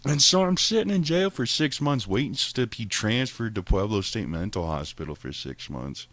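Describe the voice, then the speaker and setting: A man's voice: on the low side, moderate pace. A young man casually telling a story, swearing freely and laughing often as he talks. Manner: profane, animated, laughs often while talking.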